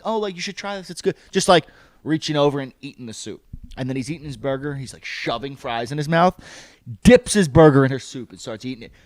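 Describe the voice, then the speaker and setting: Animated man telling a story. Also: on the high side, no echo. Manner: animated, profane, acts out other people's lines. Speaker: podcast co-host. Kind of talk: casual storytelling chat.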